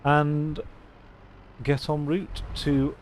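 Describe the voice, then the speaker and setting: A man's voice: fairly high pitch, monotone, drawn-out words, slight background noise. A man rambling casually as he streams a truck-driving game, with self-mocking asides. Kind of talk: casual live-stream commentary.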